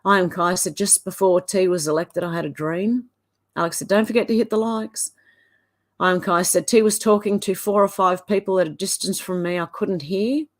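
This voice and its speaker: A woman's voice: mid-range voice, steady tone, normal speed. A woman with an Australian accent, hosting a livestream and reading viewers' comments aloud, with short reactions in between. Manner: reads each comment, then reacts briefly. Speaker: livestream host.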